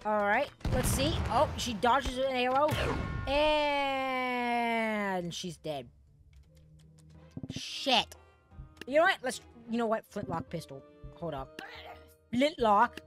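Woman host, fairly high voice, excitable gameplay commentator who swears a lot, faint music behind. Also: measured pace. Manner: excitable, swears freely, bursts into shouts and laughter. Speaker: gaming channel host.

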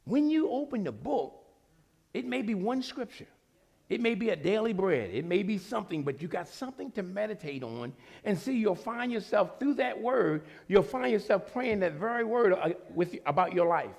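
A man preaching with a very high, gravelly voice and lively, animated delivery. His tone is husky and rough-edged, and he moves from quiet asides to full shouts as he exhorts the congregation. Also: moderate pace. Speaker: pastor. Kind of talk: sermon.

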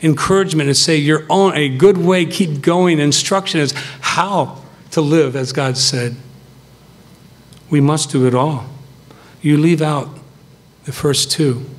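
A middle-aged man giving a farewell sermon to his church, earnest and emphatic in short, punchy phrases. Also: medium pitch.

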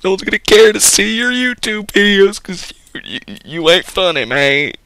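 A man voicing a nagging mother who scolds her son in a high, exaggerated voice. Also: very animated, moderate pace, sharp tone, heavily acted. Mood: scolding.

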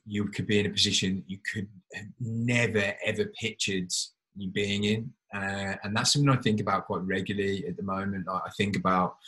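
Earnest man, lowish voice. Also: fairly bright tone, rough recording. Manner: earnest, rambling, encouraging. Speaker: podcast host. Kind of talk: casual interview chat.

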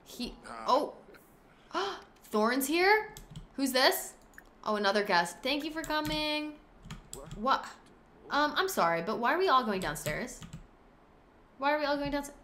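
A woman hosting a let's-play video, with excitable, dramatic commentary full of gasps and exclamations. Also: high-pitched, slow, long pauses, slight background noise. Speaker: gaming host.

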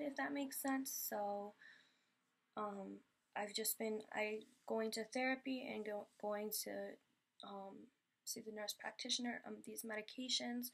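A young woman telling personal stories in a Q&A vlog, rambling and emotional with many fillers. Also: medium pitch. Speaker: vlogger.

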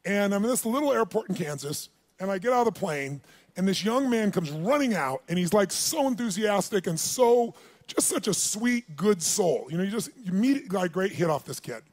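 A motivational speaker with a high-pitched voice, talking at normal speed, recounts a story to a seminar crowd. He performs the dialogue with lively energy and prompts the audience to answer him.

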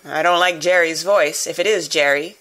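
A woman voicing a gruff, wary male coach guard who growls and shouts commands in an audiobook reading. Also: mid-range voice, expressive, normal speed, poor audio. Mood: grumbling. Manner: loud, barking commands. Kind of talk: audiobook character voice.

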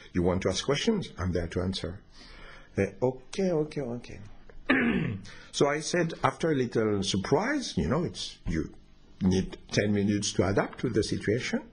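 A man's voice: mid-range voice, breathy edge. A man telling a personal story in an unscripted, hesitant way, with restarts and fillers.

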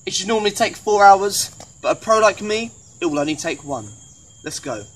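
Young british guy doing a jokey travel vlog on a mountain, fairly high voice. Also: animated, normal speed, noisy background. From Britain. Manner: jokey, self-mocking. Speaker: travel comedy host. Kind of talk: comic travel vlog narration. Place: outdoors on a mountain trail.

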